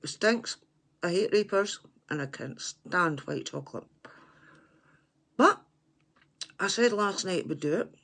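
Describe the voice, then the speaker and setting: Slow-talking older Scottish woman. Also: on the low side, expressive, creaky, a bit bright. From Scotland. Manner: chatty, self-mocking, laughs often. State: runny nose. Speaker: livestream host. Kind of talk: casual chat to viewers.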